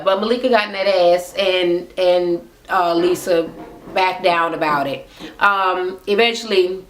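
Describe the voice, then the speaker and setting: Blunt, cussing woman vlogger in a roomy space. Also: on the low side. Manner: blunt, swears a lot, acts out quotes. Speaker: reality TV recap vlogger. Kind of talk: casual profane recap rant. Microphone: camera mic. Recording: roomy echo.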